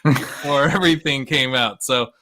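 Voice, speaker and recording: A man co-hosting a casual podcast chat, laughing often and tossing in quick joking asides. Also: mid-range voice, pushed and bright. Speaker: podcast co-host.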